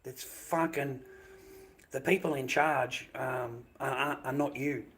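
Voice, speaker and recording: A man's voice: medium pitch, steady tone, slow pace, fairly bright tone, slight background noise. An Australian man ranting angrily on a livestream, swearing heavily and repeating himself. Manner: angry, profane, repetitive ranting. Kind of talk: livestream rant.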